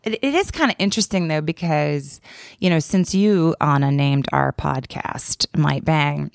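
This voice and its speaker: Woman co-host with a low gravelly voice, dry studio sound, deadpan self-mocking delivery. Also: unhurried, dry recording. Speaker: podcast co-host. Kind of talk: casual comedic chat.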